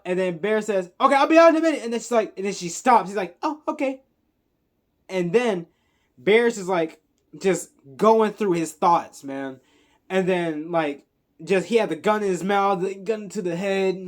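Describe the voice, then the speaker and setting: A young adult vlogger recapping a movie to the camera, worked up and rambling. The voice sits at an ordinary middle pitch and keeps tumbling through slang, fillers and restarts as the story piles on. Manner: excitable, rambling retelling full of slang and fillers. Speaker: movie reviewer. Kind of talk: casual spoiler movie recap. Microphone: camera on a stand.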